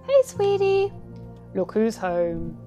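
A woman's voice: on the high side, sing-song, slow pace, lo-fi sound, music in the background. A woman putting on a doting sing-song mom.

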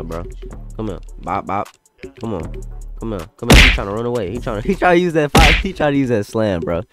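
A young man giving live gameplay commentary, taunting opponents with repetitive, hyped trash talk. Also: medium pitch. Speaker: gaming YouTuber. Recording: loud game music and hit sounds behind.

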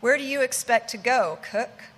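A woman voicing a brash male ship's mate who teases and commands loudly. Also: on the high side, moderate pace, long reverb tail. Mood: bossy teasing. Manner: loud, teasing, commanding.

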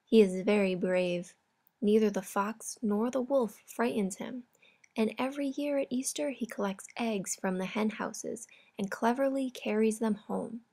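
Storybook role: a soft-spoken, loving mother hare read by a woman. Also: fairly high pitch, a little slow. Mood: gentle.

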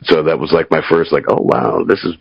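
A man's voice: a bass voice, brisk, vocal fry, breathy edge, dry recording, lo-fi sound. A man in his forties, a drummer, telling stories in a laid-back, profane way and laughing often. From Minnesota. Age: 40s. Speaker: guest drummer. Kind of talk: casual interview chat.

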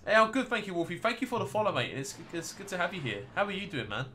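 A man's voice: high voice, sing-song, fast, crowd noise. An American man streaming a game live, chatting casually and rambling to his viewers. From United States.

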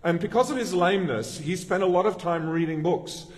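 In a high, brisk voice, a middle-aged male pastor tells stories from the pulpit in a conversational style, frequently starting sentences over. The long reverb of the church hall trails after his words.

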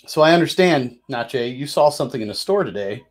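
A man talks through board game rules in a relaxed, chatty way, mid-pitched, often stopping to correct himself. He wanders between the rules and small talk. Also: brisk. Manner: chatty and loose, lots of fillers and self-corrections. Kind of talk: casual rules walkthrough.

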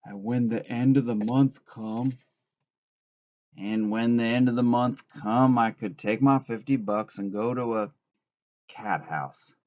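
Man as a tired, wooden-voiced ranch worker, mellow, lo-fi audio. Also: medium pitch, takes it slowly, close to an everyday voice. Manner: flat, wooden. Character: weary, hardened male ranch worker. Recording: dull lo-fi recording.

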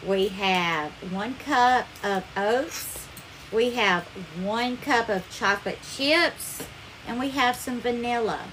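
A woman's voice: a little high, slow pace, a bit bright, a little hiss or hum. Bubbly Southern woman hosting a cooking stream. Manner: effusive, calls viewers darling, thanks them by name. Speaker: live cooking stream host. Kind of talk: casual live-stream chat and cooking demo.

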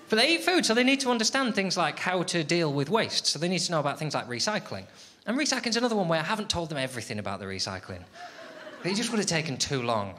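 A male comedian performing stand-up with a wry, self-deprecating delivery. His pitch swings freely from line to line, and the live recording carries a noisy background. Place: comedy venue with a live audience.

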